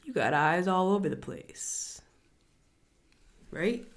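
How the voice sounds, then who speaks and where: A woman giving a casual, chatty tarot reading to camera, animated and quick to laugh. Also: fairly low pitch. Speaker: tarot reader.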